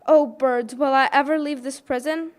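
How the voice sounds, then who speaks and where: A woman's voice: high voice, fairly even intonation, moderate pace, natural voice. A woman voicing a grieving orphaned little girl held in prison, reciting an elegy poem in a lamenting way. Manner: lamenting, repeated plaintive calls.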